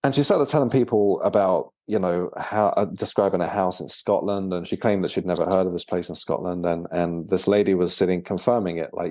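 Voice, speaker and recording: A very deep, mellow-voiced man talks through his experiences as an interview guest. He speaks haltingly, doubling words and filling pauses as he goes. The sound is close and dry. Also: fairly even intonation, no room sound. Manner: halting, with frequent repeated words and fillers. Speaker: guest, author and medium. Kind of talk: casual storytelling interview.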